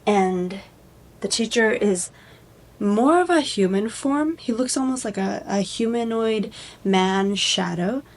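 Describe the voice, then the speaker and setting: Casual woman vlogger, mid pitch, chatty, loose rambling delivery. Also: slow pace, rough recording. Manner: rambling, lots of "like", animated. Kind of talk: casual plot retelling.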